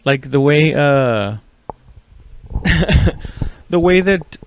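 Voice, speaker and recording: A man's voice: fairly high pitch, lively intonation, very slow, gravelly, slight background noise. A man hosting a comedy podcast, rambling and swearing casually with lots of fillers and laughs. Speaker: podcast host.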